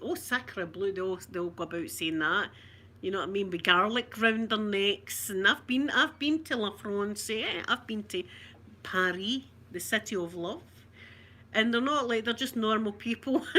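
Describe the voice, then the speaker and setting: A woman's voice: mid-range voice, moderate pace, bright, forceful tone. A Scottish woman from Scotland in casual live chat, talking to viewers, laughing often and reading out their comments. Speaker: vlogger.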